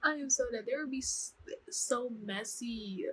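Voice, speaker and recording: A woman's voice: fairly high pitch, measured pace, slight background noise, poor audio. A young woman casually recapping a TV show to camera, chatty and slangy, acting out the characters' lines. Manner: chatty, slangy, animated, acts out quotes. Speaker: vlogger reviewing a TV show.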